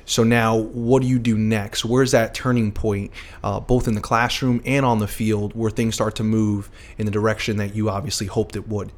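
A man's voice: lowish voice, little pitch movement, normal speed, hardly any pauses. A man hosting an interview, asking a guest questions. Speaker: podcast host.

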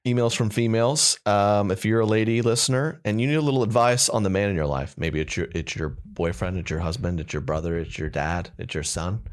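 A man's voice: lowish voice, fairly quick, hardly any pauses. A man co-hosting a casual comedy podcast, rambling and playful, at times improvising slam poetry. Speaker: podcast co-host.

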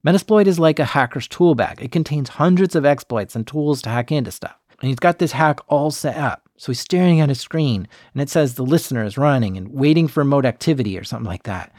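A man narrating a true story as a podcast host, calm and measured, explaining technical terms plainly. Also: mid-range voice, no echo, clean studio sound. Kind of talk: scripted true-crime narration.

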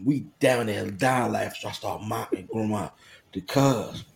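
A man co-hosting a podcast, telling a funny story in a playful, animated way. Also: on the low side, measured pace, creaky, slight background noise. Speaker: podcast co-host. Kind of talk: casual chat.

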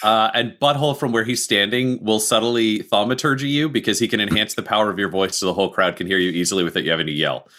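A man's voice: fairly low pitch, fast, hardly any pauses, sharp tone. A young man playing a tabletop game, talking in a friendly, easygoing way. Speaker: player. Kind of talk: casual in-character game talk.

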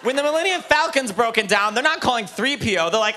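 A man doing a stand-up comedy set on a club stage, animated and campy with quick jokes. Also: extremely high pitch, a faint crowd, slight background noise.

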